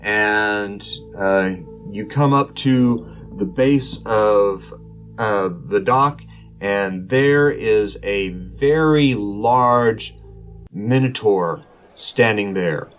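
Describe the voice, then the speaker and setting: A man hosting a role-playing podcast, narrating as game master with frequent filler pauses. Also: lowish voice, faint music behind.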